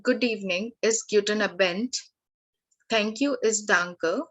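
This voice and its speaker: A woman language tutor giving a lesson, slowly working through word lists with frequent fillers and restarts. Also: mid-range voice, a bit bright, muffled recording.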